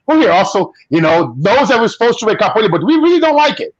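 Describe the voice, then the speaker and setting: A man from Brazil with a Brazilian Portuguese accent, chatting casually as a guest, an animated storyteller who swears casually and acts out voices. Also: high-pitched, quick pace, few pauses, no echo, lo-fi sound. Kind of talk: casual chat on a video call.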